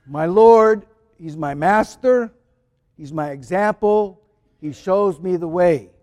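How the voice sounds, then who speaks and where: Slow-speaking priest in a reverberant church. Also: male voice, sits high, a little mellow. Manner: slow and deliberate, with some fillers. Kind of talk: sermon.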